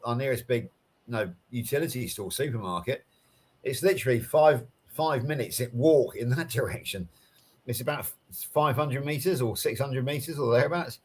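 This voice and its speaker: A man's voice: mid-range voice, breathy edge. A man with an English West Country accent, chatting casually on a live stream, rambling along with lots of restarts and fillers. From England. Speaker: guest on a live crochet chat. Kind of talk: casual chat.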